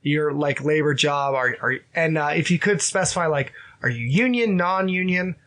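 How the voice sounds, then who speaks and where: A man's voice: on the high side, normal speed. A young adult man hosting a podcast, telling stories with jokes and acted-out quotes. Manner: jokey, animated storytelling with acted-out quotes. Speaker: podcast host. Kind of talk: casual podcast chat.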